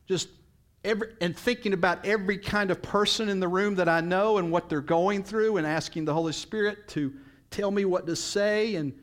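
A man's voice: high-pitched, normal speed, fairly bright tone. A middle-aged male pastor preaching a sermon in a storytelling way, his voice jumping up when he quotes people.

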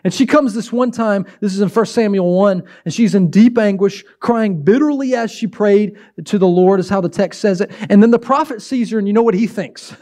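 High-voiced man preaching emphatically. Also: fairly quick, darkish tone. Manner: emphatic, repetitive exhortation. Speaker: pastor. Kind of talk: sermon.

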